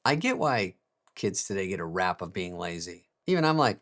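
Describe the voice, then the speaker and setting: A male comedian delivering a monologue with a sarcastic, self-mocking edge and plenty of swearing. His pitch jumps around a lot as he talks. He chuckles at his own jokes. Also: very animated, normal speed, a bit bright. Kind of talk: comic monologue.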